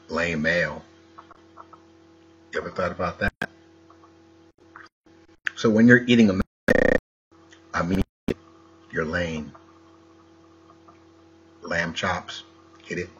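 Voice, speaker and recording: A man's voice: sits low, slow, long pauses, a bit bright, dull audio, a little hiss or hum. A man delivering a rambling, preachy monologue full of wordplay and rhetorical questions.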